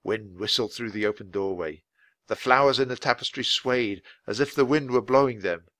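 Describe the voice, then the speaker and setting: A man reading a children's book aloud at a clear, natural pace for language learners. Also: on the low side, a bit bright, dry recording. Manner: clear, deliberate storytelling for learners. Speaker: audiobook reader.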